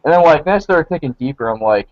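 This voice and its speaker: A man's voice: fairly high pitch, animated, quick pace, dry recording, highs cut off. A man in his late twenties telling rambling stories in a casual group chat, full of fillers. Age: 20s. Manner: rambling, filler-heavy storytelling. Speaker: participant.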